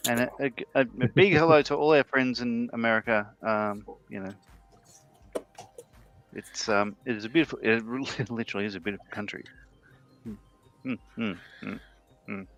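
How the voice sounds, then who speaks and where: A man's voice: medium pitch, a bit bright, soft background music. Rambling man on a dull mic. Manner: rambling, halting, with frequent restarts and laughs. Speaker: livestream co-host. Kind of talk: casual chat while building models.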